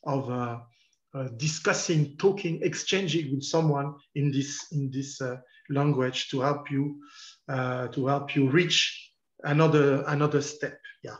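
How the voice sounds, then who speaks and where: A man's voice: medium pitch, steady tone, unhurried, roomy sound, highs cut off. A man in his fifties from France with a French accent, a guest journalist speaking earnestly in an online panel talk and repeating key words for emphasis.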